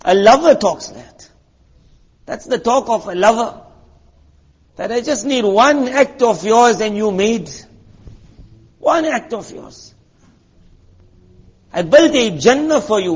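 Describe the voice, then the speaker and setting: A man with a high, husky voice preaches a sermon, talking to his listeners in a chatty, storytelling way. He keeps asking rhetorical questions. The recording sounds muffled and lo-fi. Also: expressive, normal speed, darkish tone, long reverb tail. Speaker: Islamic preacher.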